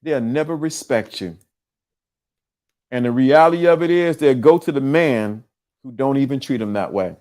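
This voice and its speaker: A man hosting a casual livestream, talking in an animated way, often laughing and using streetwise slang. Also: medium pitch, moderate pace, pauses often. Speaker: livestream show host.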